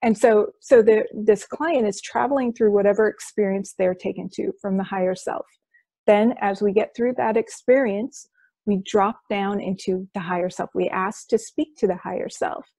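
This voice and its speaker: A woman practitioner describes her hypnosis sessions in an eager, flowing interview manner. Her voice is warm and mellow, recorded close and dry with no room sound. She tends to list things off in quick succession. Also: medium pitch, fairly even intonation, no echo. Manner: enthusiastic, explanatory, lists things in quick runs. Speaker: quantum healing hypnosis practitioner. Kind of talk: conversational interview.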